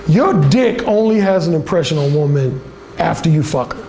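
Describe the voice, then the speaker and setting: A man's voice: on the high side, lively intonation, normal speed, mellow, slight background noise. A man giving a workshop presentation in a blunt, emphatic way. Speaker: workshop speaker. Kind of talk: seminar presentation. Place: conference room.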